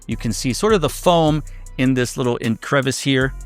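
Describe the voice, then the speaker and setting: A man's voice: mid-range voice, moderate pace, faint music behind. A man giving a casual sneaker review, chatty and loose, with many fillers and restarts.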